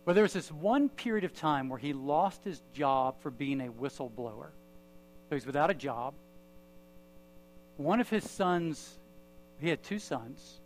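A man's voice: a little high, animated, a little hiss or hum, low-quality recording. A man preaching a sermon as pastor, telling a story and leading a prayer in a church. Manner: storytelling with pauses, then prayer.

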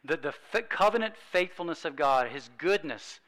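Guy giving a sermon, bright slightly high voice, earnest, slows down on scripture. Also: animated, poor audio. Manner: earnest, emphatic, slows down for scripture, drops soft for key points. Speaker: preacher.

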